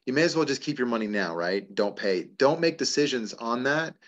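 A middle-aged man hosts a relaxed advice session, answering questions with lively anecdotes and frequent laughter. His voice sits in an ordinary middle pitch. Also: fairly quick, lo-fi sound. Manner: animated, storytelling with laughs. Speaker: host answering member questions. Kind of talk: casual advice talk.

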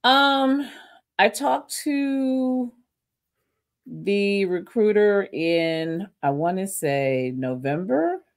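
A woman's voice: mid-range voice, drawn-out words. A middle-aged woman from Louisiana, a podcast guest telling her story and acting out the quotes. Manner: animated storyteller, acts out quotes.

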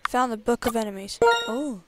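A woman's voice: a little high, normal speed, over loud music. A woman playing a video game, chatting casually and reading the in-game dialogue aloud. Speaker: let's play gamer. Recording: loud background noise.

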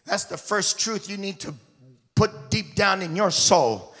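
A man's voice: high-pitched, expressive, unhurried, a bit bright, faint music behind. A man preaching a sermon as a missionary, calling on the congregation to repeat after him and joking with them. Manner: call-and-response with the congregation; jokes with the crowd. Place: church sanctuary. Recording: echoey church hall.

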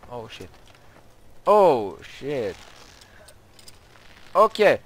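Young male gamer, slow and wildly up and down, shrieky when scared, light hiss behind. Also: mid-range voice. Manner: excitable, yelps and shrieks when startled. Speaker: gaming YouTuber. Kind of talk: let's play commentary.

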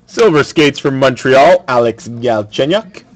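A man hosting a card break, naming each card in a brisk, matter-of-fact way. His voice sits at a middle pitch. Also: lively intonation, slight background noise. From Canada. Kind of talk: calling out sports card pulls.

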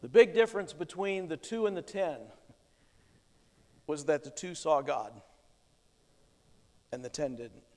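A man's voice: fairly high pitch, measured pace, long pauses, darkish tone. A male pastor preaching a sermon in a church, explaining scripture with emphatic, plain conviction. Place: church sanctuary. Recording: long church reverb.

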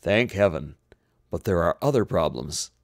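A man's voice: low-pitched, expressive, normal speed, creaky, dry recording, clean studio sound. A man doing a tense ship's engineer.

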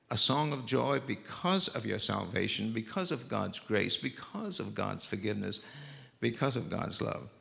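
Gravelly older pastor. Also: male voice, on the low side, sharp tone. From Mississippi, US. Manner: slow, heartfelt storytelling. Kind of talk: sermon. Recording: reverberant church sanctuary.

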